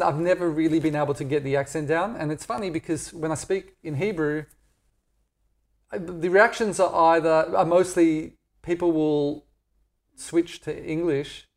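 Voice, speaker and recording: A middle-aged man with an Australian accent answers interview questions in a relaxed, candid way. He jokes easily and pokes fun at himself. His voice sits a little higher than most men's. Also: normal speed. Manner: candid, joking, self-deprecating. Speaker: guest. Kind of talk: casual interview chat.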